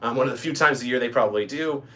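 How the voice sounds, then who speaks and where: A man's voice: medium pitch, very fast, sharp tone. A man from Kentucky hosting a casual livestream, rambling with many ums and restarts. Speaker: livestream host.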